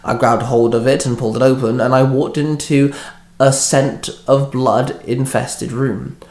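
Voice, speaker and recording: Male storyteller, first-person fanfic narration, mid pitch, echoey room. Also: level tone, a little slow, darkish tone.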